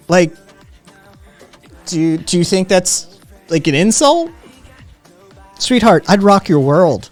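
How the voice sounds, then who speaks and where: A brash man hosts a livestream and talks back to his viewers in a loose, teasing way. He swears freely and needles the people he answers. Faint music plays low behind him. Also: sing-song, slow pace, pauses often. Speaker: livestream host.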